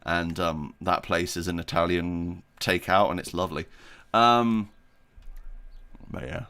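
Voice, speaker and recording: A man's voice: low voice, fairly even intonation, measured pace, sharp tone, smooth, no echo. A man chatting casually on a livestream, reading out viewer questions and rambling with frequent laughs. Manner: rambling, self-deprecating, laughs often; reads chat questions aloud while playing. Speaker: streamer answering viewer questions.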